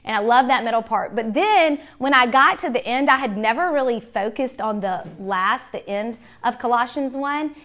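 A woman's voice: expressive, moderate pace, hardly any pauses, fairly bright tone. A woman, giving a chatty, heartfelt church workshop talk and acting out quoted lines. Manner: chatty, heartfelt, acts out quotes with big pitch swings. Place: church meeting room.

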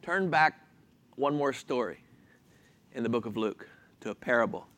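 A man preaching a sermon, asking the congregation questions and answering them himself, with an animated, chuckling delivery. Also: medium pitch, moderate pace.

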